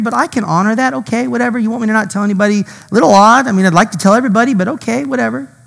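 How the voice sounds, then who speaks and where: High-voiced preacher in an echoing hall. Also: male voice. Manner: dramatic, swings between loud and hushed. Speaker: pastor. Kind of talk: sermon.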